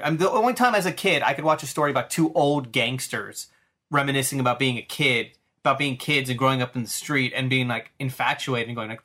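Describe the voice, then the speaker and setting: A man in his thirties chatting on a podcast with a bright, forceful tone. He talks with eager enthusiasm, rambling and acting out the story as he goes. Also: medium pitch. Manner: enthusiastic, rambling, acts out scenes. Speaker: podcast host. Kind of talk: casual chat.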